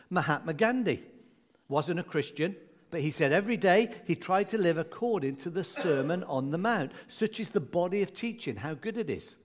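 A man gives a sermon with a fairly high, light voice. He keeps it conversational and humorous, breaking off for asides. His tone stays friendly and unhurried. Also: animated. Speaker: preacher.

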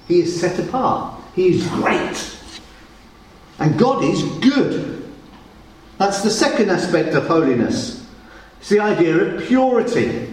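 Man preaching, high-pitched and unhurried, repeats words for weight; distant mic, very reverberant church hall. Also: slight background noise. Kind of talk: sermon.

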